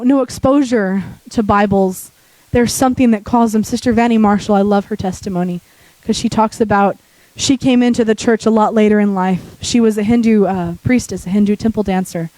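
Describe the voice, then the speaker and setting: Sick woman preaching in a mellow voice. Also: mid-range voice, fairly even intonation, normal speed, hardly any pauses, no room sound, low-quality recording. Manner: conversational, joking asides to the congregation. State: sick, voice deepening. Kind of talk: sermon. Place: church.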